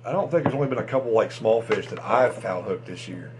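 A man hosting a fishing channel, chatting casually and excitably about tackle, with lots of restarts and fillers. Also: fairly low pitch, quick pace, background noise.

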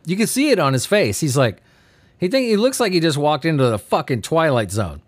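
This male podcast host riffs on strange news stories, his voice slightly high for a man and very lively in pitch, at a brisk pace. Sleepy and giddy, he swears a lot and keeps breaking into laughter.

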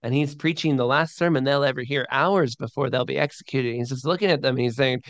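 A man's voice: mid-range voice, fairly quick, dry recording. Eager man talking about sermons. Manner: eager, animated, with frequent restarts. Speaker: podcast guest and sermon producer. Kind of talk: enthusiastic interview talk.

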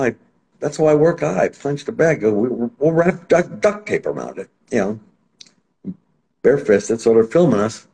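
A man as an interview guest, telling stories in a casual, animated way. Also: mid-range voice. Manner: animated, acts out quotes in other voices. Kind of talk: casual anecdotal storytelling.

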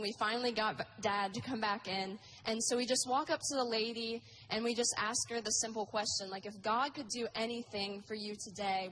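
A woman's voice: medium pitch, background noise. A teenage girl sharing a testimony at church, chatty and giggly, with lots of "like"s. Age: teens.

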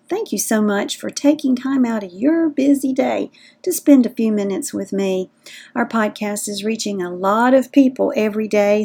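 A woman's voice: medium pitch, creaky, darkish tone. A middle-aged woman with a Southern American accent, hosting a podcast in a folksy, chatty way. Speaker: podcast host. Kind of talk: casual podcast talk.

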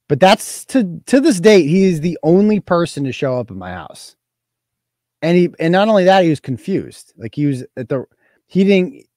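A man hosts a live weekend show, chatting loosely and swearing freely as he tells his stories. His voice sits a little high for a man, and the sound is dry and close with no room echo. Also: darkish tone. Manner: profane, boastful storytelling. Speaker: host. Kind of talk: casual live-show chat.

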